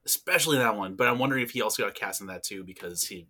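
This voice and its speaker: A man's voice: fairly low pitch, lively intonation, very fast, pushed and bright. A man co-hosting a casual movie podcast, joking and drifting into goofy impressions. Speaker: podcast co-host.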